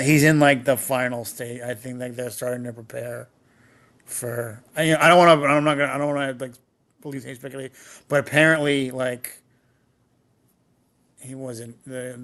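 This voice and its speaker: A man's voice: medium pitch, fairly bright tone. A man co-hosting a podcast in casual banter, teasing and repeating himself to needle his partner. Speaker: podcast co-host.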